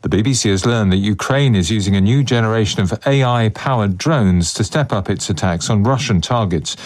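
A man reading a radio news bulletin in a measured, formal manner. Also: lowish voice. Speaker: newsreader.

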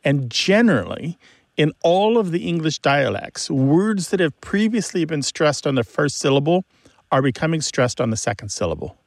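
A man's voice: on the high side, big pitch swings, moderate pace, dry recording. A man co-hosting a radio show about language, explaining word stress enthusiastically to a caller. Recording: dry studio mic.

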